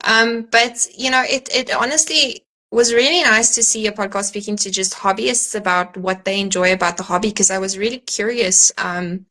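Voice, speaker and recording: A bright, clear American woman's voice belongs to a guest on a casual podcast. She talks freely, laughs often and fills her pauses with ums. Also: mid-range voice. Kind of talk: casual chat.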